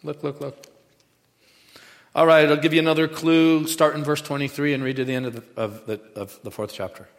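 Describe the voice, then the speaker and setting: A man's voice: a little high, fairly even intonation, fairly quick. A man preaching a sermon with emphasis, leading the congregation in call-and-response. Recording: echoey hall with long reverb.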